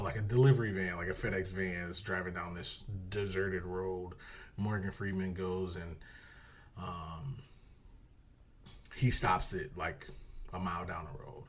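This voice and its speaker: A man co-hosting a podcast, casually retelling a movie plot in a rambling, animated way, swearing and acting out quotes. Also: deep voice. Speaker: podcast co-host.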